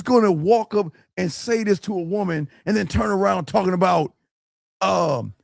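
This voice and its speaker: A gravelly-voiced man runs a dating-advice livestream in a dry, close-up sound. He talks bluntly and swears freely. He often climbs higher and louder when he mocks what he reads. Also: expressive, a little slow, no room sound. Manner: blunt, profane, gets loud and high when scornful. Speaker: dating coach.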